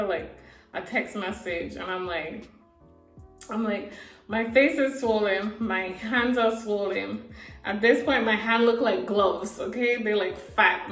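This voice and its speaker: Young woman vlogger, casual storytime, animated, does voices for others, mid pitch, echoey room, faint music behind.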